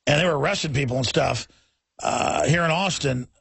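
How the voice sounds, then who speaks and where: Indignant high-voiced talk radio host. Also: male voice, gravelly, breathy edge, no room sound. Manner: forceful, indignant, repeats words in rapid restarts. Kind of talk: heated talk radio monologue.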